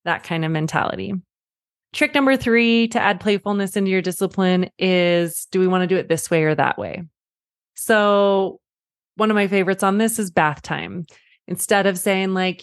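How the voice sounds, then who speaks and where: A woman in her thirties, a parent coach and host, talking casually and chattily, often slipping into a high playful voice to act out quotes. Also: normal speed, no room sound, clean studio sound. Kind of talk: casual teaching talk.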